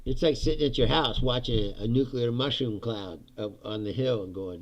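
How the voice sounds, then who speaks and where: A man's voice: medium pitch, moderate pace, few pauses. A man doing a casual political rant, sarcastic and profane, laughing often between points. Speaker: political commentary host.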